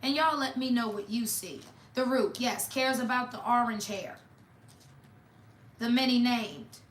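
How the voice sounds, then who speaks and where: A woman's voice: a little high, unhurried, a bit bright, roomy sound, slight background noise. A woman doing a casual tarot reading for viewers, talking in a blunt, mocking, sassy way. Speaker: tarot reader.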